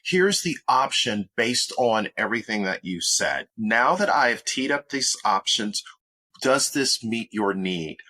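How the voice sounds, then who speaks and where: A man who is a motivational speaker, guesting on a podcast and giving upbeat, measured coaching advice. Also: lowish voice, lively intonation, pushed and bright, dry recording. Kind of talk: interview answers, coaching advice.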